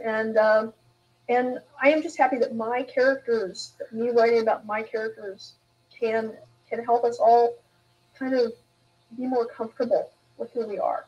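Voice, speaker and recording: A woman's voice: a little high, a little mellow, dull audio. A woman author in a live interview, telling candid stories in a rambling way with frequent restarts. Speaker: author guest.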